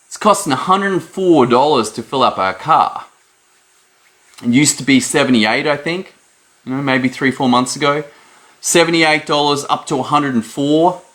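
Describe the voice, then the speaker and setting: A man giving a lively motivational talk to camera, leaping up in pitch to stress his points. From Australia. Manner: animated, jumps high in pitch for emphasis. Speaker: host.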